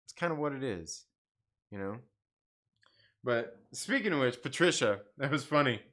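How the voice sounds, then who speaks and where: A man's voice: mid-range voice, animated, moderate pace, fairly bright tone. A man hosting a live stream, ranting casually and rambling with lots of fillers, frequent laughs and swearing. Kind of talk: casual opinion rant.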